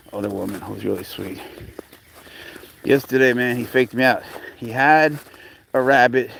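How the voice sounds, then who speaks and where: A man's voice: medium pitch, gravelly, a little hiss or hum. A man casually chatting with viewers on a live stream while walking his pet cat outdoors. He rambles, calls people bro, and his voice jumps up when he coaxes the animal.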